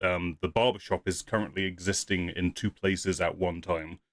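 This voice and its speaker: Chatty, low-voiced man reviewing an episode. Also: fairly even intonation, normal speed, no echo. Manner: rambling, laughs often, acts out quotes. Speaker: podcast co-host. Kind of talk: casual review chat.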